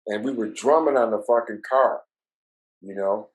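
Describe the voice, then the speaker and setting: With a lowish, breathy-edged voice at a moderate pace, the older Minnesotan musician guest spins a meandering, profane story full of "right?" tag questions. It's casual storytelling. The recording has its high frequencies cut off.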